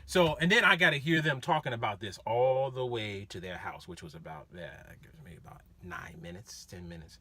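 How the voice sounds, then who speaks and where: A rideshare driver telling stories in a casual, animated way, laughing as he goes. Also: lowish voice, a little fast, few pauses, no echo. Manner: animated, laughing, acts out voices. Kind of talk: casual storytelling.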